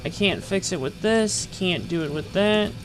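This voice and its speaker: A game streamer with an animated, medium-pitched voice speaks at normal speed, giving casual, profane commentary. Frustrated with the controls, they swear and rant at the game over background noise.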